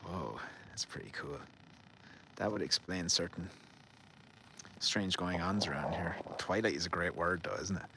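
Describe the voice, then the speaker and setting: A man's voice: sits low, unhurried, vocal fry, long pauses, a bit bright, a little hiss or hum. An Irish man live-streaming from a garden outdoors, rambling and joking as he reads out viewer comments. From Ireland. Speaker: livestream host. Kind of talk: casual live-stream chat.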